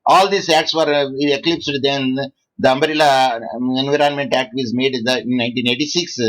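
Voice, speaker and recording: A man from India, giving a law lecture to students, halting often and quizzing the class. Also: mid-range voice, fairly even intonation, a bit bright, poor audio. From South India.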